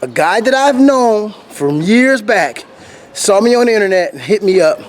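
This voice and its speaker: A man telling his life story in a casual, animated vlog while walking uphill outdoors, slightly out of breath and laughing now and then. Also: high voice, normal speed. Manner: animated, laughs often, acts out what people said. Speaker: vlogger.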